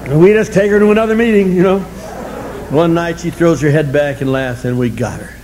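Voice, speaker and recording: A man's voice: on the high side, brisk, darkish tone, a little hiss or hum, low-quality recording. An older man speaking to a recovery meeting audience, blunt and self-mocking, chuckling as he tells his story. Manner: wry, self-mocking humor, chuckling often; blunt, colorful language.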